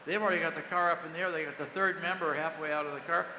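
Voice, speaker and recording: Older man, storyteller, acts out dialogue, bright forceful voice, echoey banquet hall PA. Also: a little high, fairly even intonation, racing. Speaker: former race team manager. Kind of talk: storytelling at a dinner panel. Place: banquet hall during a dinner. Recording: echoey banquet hall over a PA, faint noise.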